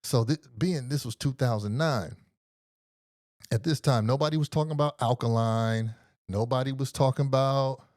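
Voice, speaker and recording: A man's voice: medium pitch, no echo, studio quality. Profane, slangy middle-aged man spinning a yarn. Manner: profane, slangy, animated retelling. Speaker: podcast host. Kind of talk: casual storytelling.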